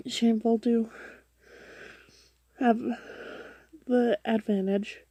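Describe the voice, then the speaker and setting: A woman reading a forum post aloud, halting and often stumbling, restarting words and correcting herself. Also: fairly high pitch, fairly even intonation, warm tone, no room sound. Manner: drops to a whisper for her own asides. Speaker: reader of online posts.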